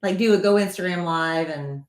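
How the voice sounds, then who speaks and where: A woman's voice: lowish voice, brisk, reverberant. A woman co-hosting a podcast, talking in a dry, teasing way. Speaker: podcast co-host. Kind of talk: casual podcast banter.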